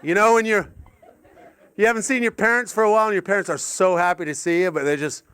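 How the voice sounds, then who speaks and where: A middle-aged man performing a rambling stand-up set, excitable and sweary, with sudden yelps. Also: high-pitched, fast talker, some chatter behind, a little hiss or hum. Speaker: stand-up comedian.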